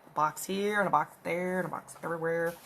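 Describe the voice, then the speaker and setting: A woman's voice: fairly low pitch, fairly even intonation, fast talker, creaky, a bit bright, a little hiss or hum. A woman chatting and rambling through a makeup tutorial at home, recorded on a phone. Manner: rambling, chatty, talks while applying makeup. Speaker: makeup vlogger. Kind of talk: casual makeup tutorial chat. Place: at home with her cat. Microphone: phone camera.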